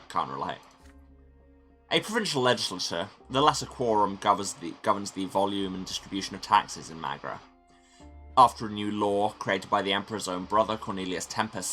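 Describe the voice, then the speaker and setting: A man's voice: on the low side, pushed and bright. A tired man streaming a game, reading its narration aloud with dry asides. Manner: dry, self-deprecating asides. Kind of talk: playthrough narration.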